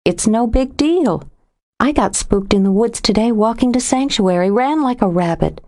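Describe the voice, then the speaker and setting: A woman's voice: a little high, expressive, normal speed, a little mellow, pitched above the performer's own voice. A woman voicing a wry, reassuring young woman friend in an audiobook reading. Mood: joking. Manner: reassuring, lightly joking.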